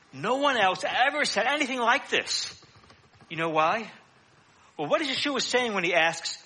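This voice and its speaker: A man's voice: sits high, big pitch swings, moderate pace, pushed and bright, slightly rough. A man preaching a sermon in a conversational teaching manner, with frequent "uh" fillers.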